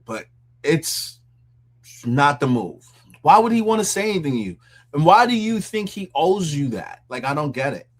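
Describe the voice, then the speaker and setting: A man's voice: fairly high pitch, big pitch swings, normal speed. A man hosts a casual commentary show, reacting to a clip with mocking disbelief. He talks loosely and conversationally and breaks into laughs often. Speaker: commentary host.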